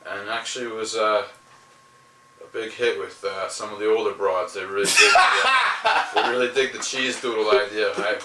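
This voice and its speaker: A man from New Jersey telling a story among friends, halting with frequent "uh.". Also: lowish voice, fairly even intonation, very noisy. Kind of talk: casual anecdote telling. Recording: distant, roomy home camcorder audio.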